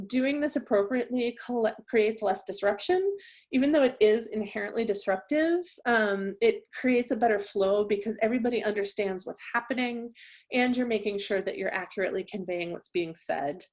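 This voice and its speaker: A woman who trains interpreters, giving a conversational webinar presentation and often checking in with her listeners. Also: medium pitch. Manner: conversational, checks in with frequent "right?".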